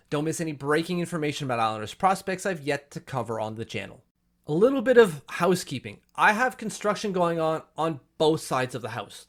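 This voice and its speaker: Guy doing a hockey vlog at home, chatty and rambling, voice a bit on the high side. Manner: chatty, digressive, self-deprecating. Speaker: hockey YouTuber. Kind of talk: casual commentary vlog.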